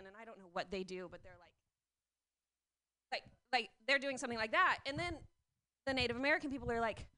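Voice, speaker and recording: A woman's voice: on the high side, fast talker, long pauses, pushed and bright. A woman doing a rambling stand-up set at an open mic, scattered and self-interrupting. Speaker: stand-up comedian. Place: comedy open mic stage.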